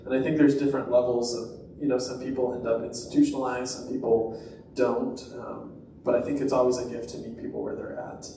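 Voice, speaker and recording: A man leads a reflective panel conversation in a searching, thoughtful way. His sentences often trail off softly. He is picked up from a distance in a very echoey room with faint background noise. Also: on the high side, fairly even intonation, brisk. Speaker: host.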